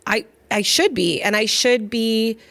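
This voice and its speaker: A woman in her thirties or forties co-hosting a podcast, telling her faith story earnestly in quick bursts. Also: fairly high pitch, creaky, fairly bright tone, no echo. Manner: earnest, talks in bursts with many fillers and restarts. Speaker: podcast co-host. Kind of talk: heartfelt faith conversation.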